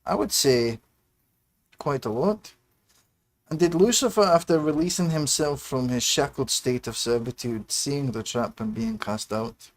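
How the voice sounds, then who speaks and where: A man's voice: mid-range voice, unhurried. A man hosting a livestream, chatting casually and rambling between musings and muttered asides. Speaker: livestream host.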